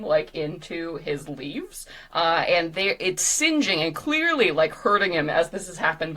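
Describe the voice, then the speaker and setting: A woman game master narrates a fantasy contest, slow and unhurried in her delivery. Her voice sits a little low, and she swings from excited bursts to hushed scene-setting. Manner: animated, laughing, drops to hushed description.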